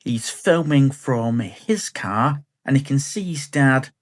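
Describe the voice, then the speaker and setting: Playful middle-aged man with lively pitch. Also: slow pace. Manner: playful, jokey, wordplay-loving. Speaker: podcast co-host. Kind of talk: casual banter.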